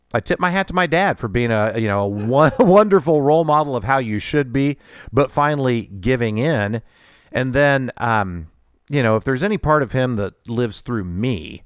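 In a clear, resonant, medium-pitched voice, a middle-aged man hosts a podcast and recounts a personal story with plenty of laughter and self-deprecating humor. The studio recording is clean, with no room sound.

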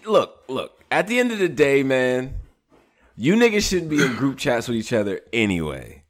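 A man hosting a casual podcast chat, talking in an animated, profane, rambling way. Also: medium pitch, moderate pace. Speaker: podcast host.

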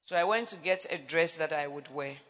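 Woman preacher, middle-aged, sharp bright tone, acts out stories, big reverby hall. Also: sits low, a little fast. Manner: animated storytelling, acts out dialogue, breaks into laughs. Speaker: preacher speaking on marriage. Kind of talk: sermon.

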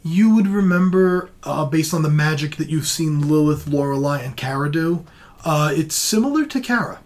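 A game master calmly narrating a tabletop role-playing game to the players. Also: medium pitch, normal speed.

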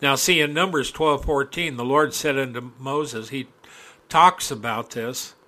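Fiery, slow-talking male preacher. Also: medium pitch. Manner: impassioned, rising to loud emphatic peaks; folksy asides, reads scripture aloud. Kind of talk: sermon.

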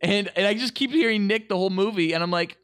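A man co-hosting a casual podcast, excitable and rambling, swearing often. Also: high-pitched, fast, clean tone. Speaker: podcast co-host.

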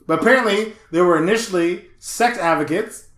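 This man's voice is high and his delivery fairly quick as he co-hosts a laid-back comedic podcast. He tells lively stories, imitates what others said, swears, and laughs a lot, all recorded in a room with echo.

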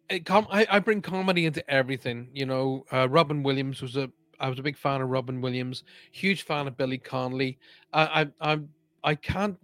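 A man's voice: on the high side, fairly bright tone, no echo. A man hosting a live-streamed show, chatting casually and reading out viewer comments in an upbeat way.

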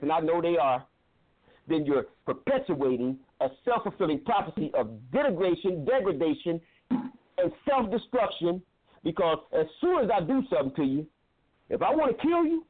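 A man giving an impassioned, preacherly talk on a talk show, telling a story and repeating phrases for emphasis. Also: on the high side. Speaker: guest, filmmaker. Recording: tinny phone-line audio.

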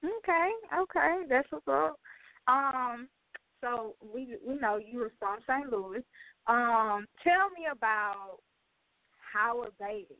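Female radio host, bright upbeat delivery, higher voice, dry phone-quality sound. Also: animated, slow, no echo. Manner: upbeat, filler-heavy. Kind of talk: online radio interview. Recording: dry tinny phone-like audio.

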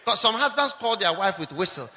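A man preaching a lively, mocking, humorous sermon, often mimicking people. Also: high-pitched, fairly quick, long reverb tail, very noisy.

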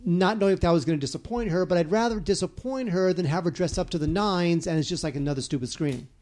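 Man, high voice, film critic co-host, animated anecdote, stammers. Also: fast. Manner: animated storyteller, stammers and restarts. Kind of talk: casual anecdote chat.

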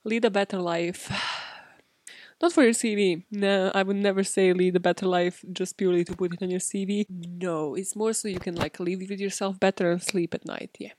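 A woman's voice: medium pitch, steady tone, fairly quick, few pauses, darkish tone. A woman hosting a casual true-crime podcast, chatty and profane, often laughing and talking to herself. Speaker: podcast host.

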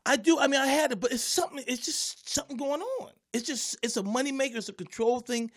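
A stand-up comedian, a man with a fairly high voice, tells a story in casual chat. He acts out the people and noises in it with lively energy.

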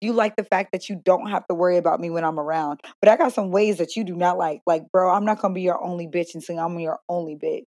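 A woman's voice: lowish voice, quick pace, few pauses, a little mellow, no room sound, clean studio sound. A young woman co-hosting a casual chat, blunt, profane and playful, laughing often. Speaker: podcast co-host.

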